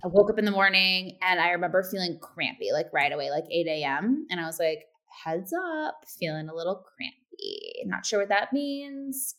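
A woman in her thirties, a podcast co-host chatting casually and acting out quoted lines with sudden pitch jumps. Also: fairly bright tone. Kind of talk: casual chat.

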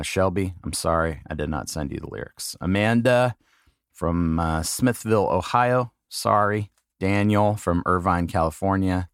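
Low-voiced man, halting and apologetic. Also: no room sound, clean studio sound. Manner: halting, apologetic, self-deprecating; reads names slowly one by one. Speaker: podcast host. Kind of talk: casual solo monologue.

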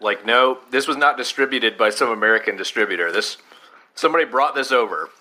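A man's voice: mid-range voice, brisk, sharp tone. A man co-hosting a casual snack-tasting chat, dry and wry as he picks the snack apart. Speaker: podcast co-host.

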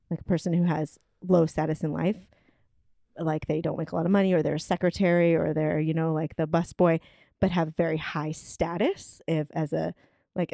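A woman with a low, gravelly voice co-hosts a casual podcast talk. She thinks out loud, pausing on fillers as she works through her point. The sound is dark and dry. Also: dry recording. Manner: thoughtful, rambling with many fillers. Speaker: podcast co-host. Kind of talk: casual conversational chat. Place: kitchen table.

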